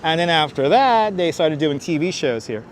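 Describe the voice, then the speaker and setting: A man's voice: fairly high pitch, very animated, moderate pace, slight background noise. A man with a Brooklyn accent hosting a live walking tour outdoors on a clip-on mic, rambling chattily and answering viewers' questions as he goes. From Brooklyn, New York. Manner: chatty, rambling, answers chat questions aloud, jokey asides. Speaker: livestream walking tour host. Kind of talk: casual live street-tour narration. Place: outdoors on busy city streets. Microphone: wireless clip-on mic, phone on gimbal.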